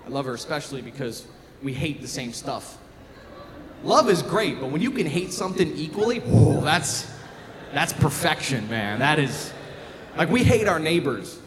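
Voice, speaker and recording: A man doing a sarcastic, animated stand-up set on a club stage. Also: fairly high pitch, normal speed. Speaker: stand-up comedian. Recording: live room with long reverb and crowd noise.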